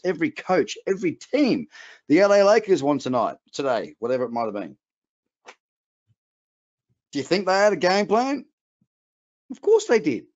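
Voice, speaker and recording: A middle-aged man with an Australian accent carrying a trace of English, giving an emphatic, motivational webinar talk as a trading coach with chatty asides. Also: fairly high pitch. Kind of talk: webinar presentation. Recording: muffled lo-fi webinar audio.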